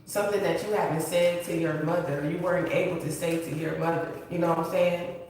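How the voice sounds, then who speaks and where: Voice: medium pitch, fairly even intonation, fairly quick, darkish tone. A tarot reader giving an earnest, emotional reading, repeating key phrases in a casual spiritual style. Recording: very echoey room, distant mic, faint hiss.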